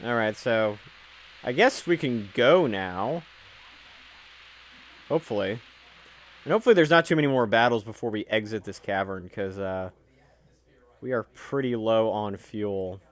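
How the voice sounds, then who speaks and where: A man giving casual, jokey commentary over a video game he is playing, talking freely and breaking into loud excited outbursts. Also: lowish voice, a little slow, pauses often. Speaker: let's play commentator.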